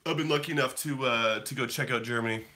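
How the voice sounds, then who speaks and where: A man's voice: medium pitch, fast, sharp tone. A man in his thirties from Canada, rambling casually to his livestream viewers and answering the chat. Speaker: livestream host.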